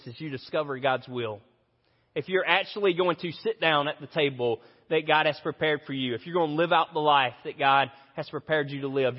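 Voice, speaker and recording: A man in his thirties preaches a sermon in a church, earnest and conversational with a dry self-mocking streak. His voice carries the long echo of a large hall, and the recording sounds a little dull. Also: mid-range voice. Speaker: pastor. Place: church auditorium.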